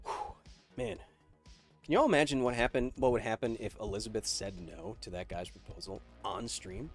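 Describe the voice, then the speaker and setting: A man's voice: lowish voice, moderate pace, faint music behind. A man hosting a livestream Q&A, reading viewer questions aloud and answering in a rambling way, with lots of fillers. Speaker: host. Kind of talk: livestream Q&A chat.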